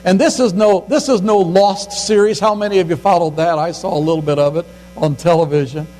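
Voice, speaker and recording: An older man delivers a sermon in a high, folksy voice and acts out the scripture quotes. A faint mains hum runs under the recording. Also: steady tone, fairly quick, darkish tone, poor audio. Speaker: pastor.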